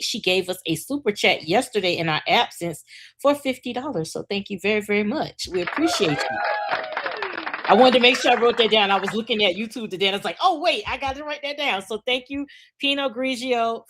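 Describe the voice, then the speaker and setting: Woman cohost, upbeat n thankful, mid-pitched, talking right to the chat. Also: a bit bright. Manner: upbeat and thankful, addressing viewers directly. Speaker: co-host. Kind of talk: casual podcast chat.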